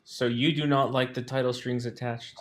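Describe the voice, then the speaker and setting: A man on a call with friends, cracking jokes and pitching silly taglines. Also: little pitch movement, normal speed, faint music behind. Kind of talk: casual chat on a voice call.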